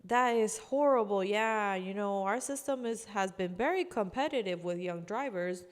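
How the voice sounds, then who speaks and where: A woman giving casual sales training, chatty, acting out customer calls in quick voices. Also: medium pitch, lively intonation, in a large hall. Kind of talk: casual instructional talk.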